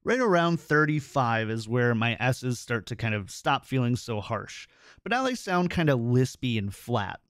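Tutorial presenter, male, mid-pitched, clear instructive delivery, close studio mic in a dry room. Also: big pitch swings, moderate pace, dry recording. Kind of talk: scripted product tutorial. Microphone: studio microphone, close.

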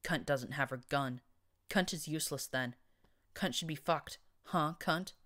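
A woman's voice: deep voice, measured pace, fairly bright tone. A woman voicing a grating metal monster stallion. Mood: menacing. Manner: grating, crude, menacing. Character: huge brutal metal-armored monster stallion.

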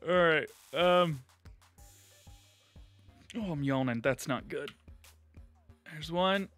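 A man's voice: fairly high pitch, slow pace, fairly bright tone, soft background music. A man hosting a live gameplay stream, giggling constantly and reading chat messages aloud in a giddy, casual way. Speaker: livestream gaming host.

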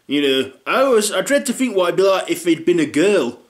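Northern english bloke rambling on in a comedy bit, bit higher voice than most, blunt and sweary. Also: male voice, big pitch swings, brisk. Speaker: comedy character host. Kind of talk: comedic character monologue.

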